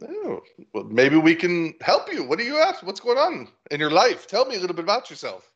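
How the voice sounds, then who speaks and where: A man's voice: high-pitched, wildly swooping pitch, a little fast, fairly bright tone, voice pushed up, heavily acted. A man voicing a friendly male halfling villager who talks in a chatty, welcoming way. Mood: warm. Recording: dull lo-fi audio.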